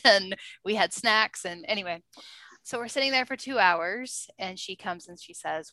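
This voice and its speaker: A woman telling a personal story in a casual interview, chatty and animated, often laughing. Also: mid-range voice, normal speed, dry recording. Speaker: interview guest.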